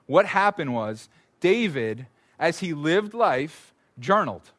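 A male pastor preaching a conversational, animated sermon, often repeating words as he goes. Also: fairly high pitch, slow.

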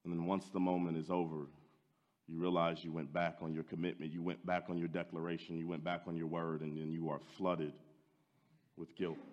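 A man preaching a sermon, telling the story with drama and swinging from loud to hushed. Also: low-pitched, little pitch movement, a little fast, big-room sound, lo-fi sound.

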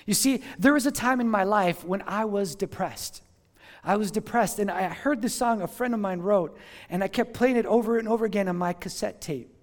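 A man's voice: high voice, moderate pace. A middle-aged male pastor preaching an earnest sermon to a congregation, often repeating words and calling on listeners to answer back.

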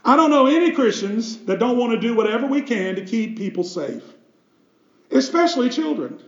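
A man's voice: very high-pitched, big pitch swings, moderate pace, reverberant, dull audio. A man, a pastor, preaching a sermon with emphatic delivery and rhetorical questions.

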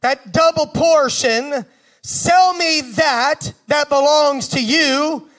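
A man's voice: very high-pitched, slow, a bit bright, heavily acted. A man voicing a scheming younger brother making a bargain within a sermon. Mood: cunning.

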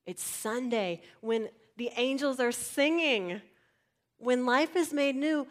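Woman preacher, fairly high voice, conversational sermon with sudden drops to a hush. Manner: swings between loud emphasis and hushed near-whispers; conversational, asks the audience direct questions.

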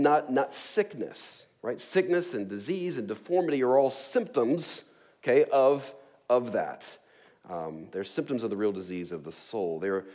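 Man, forties, pastor, relaxed sermon, chatty asides, mid-pitched voice. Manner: conversational, frequent "right?" asides, lively emphasis.

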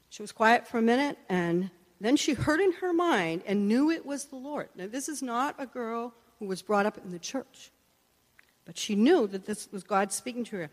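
A woman who is a Christian teacher and prayer minister preaches a sermon, telling earnest personal stories and acting out the voices of the people in them. Her voice is on the high side and very animated at a normal speed, with long echoey hall reverb.

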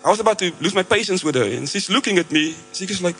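An Australian man preaches in a loose, conversational way, repeating and restarting as he tells a story. His voice sits high for a man. Soft music plays faintly behind him. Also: big pitch swings, very fast, hardly any pauses, rough recording. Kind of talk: sermon.

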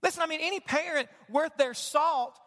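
High, bright-voiced male preacher. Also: moderate pace, long reverb tail. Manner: animated, call-and-response with the congregation. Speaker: pastor. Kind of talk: sermon. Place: church sanctuary.

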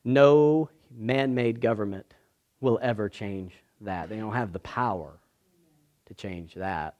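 A man preaching a sermon as pastor, moving from hushed, slow passages to loud, emphatic ones. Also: fairly low pitch, muffled recording.

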